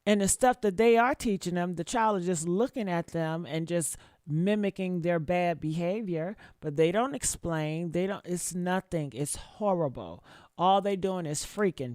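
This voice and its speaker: A woman's voice: lowish voice, a little mellow, clear, resonant tone, dry recording, studio quality. A woman commentator giving a blunt, profane, preachy rant in a casual style. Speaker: online commentator.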